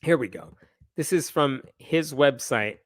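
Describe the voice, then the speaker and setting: A man's voice: mid-range voice, expressive, measured pace, dry recording, studio quality. A man hosting a livestream, giving sarcastic commentary and reading passages aloud. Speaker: channel host.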